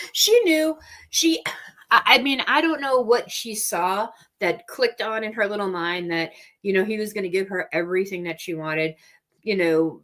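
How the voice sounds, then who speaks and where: A woman's voice: mid-range voice, a bit bright. A woman hosting a casual livestream chat from home, talking freely, laughing often and trailing off mid-thought. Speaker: livestream host.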